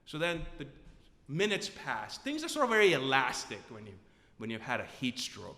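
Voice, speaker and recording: A man's voice: medium pitch, a little fast. A man from Pakistan telling a personal story on stage, acting out the other people in it. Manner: animated, acts out voices of doctor and nurse. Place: stage in a live venue. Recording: live stage recording with long reverb.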